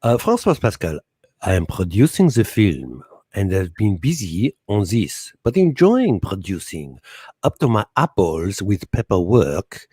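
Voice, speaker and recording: A radio co-host in the studio jokes with and teases his partner in casual banter, animated and mildly profane. His lowish, husky voice moves at a measured pace, recorded through a studio mic with no echo and studio quality.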